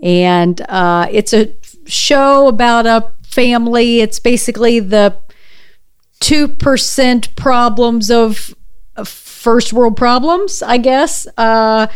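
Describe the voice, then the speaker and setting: A woman chatting casually on a podcast, recommending a show in a thoughtful, measured way. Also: a little high, clear, resonant tone. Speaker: podcast co-host. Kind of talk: casual chat.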